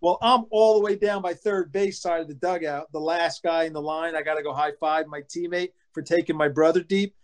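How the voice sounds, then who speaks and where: A man, a former baseball pitcher, telling casual anecdotes with animated delivery, acting out his teammates' lines and swearing casually. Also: fairly quick, few pauses.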